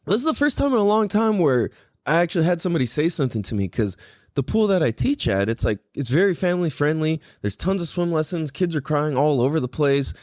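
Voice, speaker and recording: A man in his thirties, a podcast host, telling a story in casual chat, animated and profane, laughing often. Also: a little high, fast, no room sound, clean studio sound.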